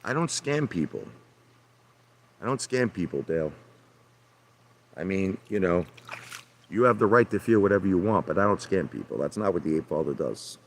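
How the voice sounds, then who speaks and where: Pausing often, a deep-voiced man with lively intonation and a moderate pace hosts a livestream from his hot tub. He rambles brashly to viewers, repeating himself and naming them directly.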